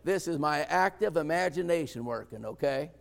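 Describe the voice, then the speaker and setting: Male preacher, high voice, folksy sermon, rising to fervent shouts, reverberant church hall. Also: lively intonation, normal speed, vocal fry. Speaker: pastor.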